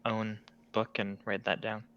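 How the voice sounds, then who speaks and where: A man's voice: on the low side, completely flat delivery, unhurried, a bit bright. Male player on a dull lo-fi line. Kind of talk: casual tabletop game chat.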